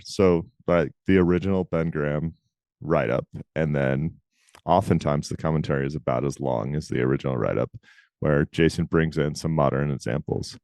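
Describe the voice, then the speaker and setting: Podcast guy, very low voice, emphatic and chatty, dry close sound. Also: vocal fry, a little mellow, dry recording. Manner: talkative, emphatic, quick asides. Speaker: podcast co-host. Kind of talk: casual chat.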